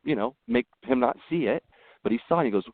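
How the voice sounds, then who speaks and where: A man who is a podcast guest, talking earnestly in casual conversation and telling animated stories with frequent restarts. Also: medium pitch, fast, gravelly, no echo. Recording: tinny phone-like line.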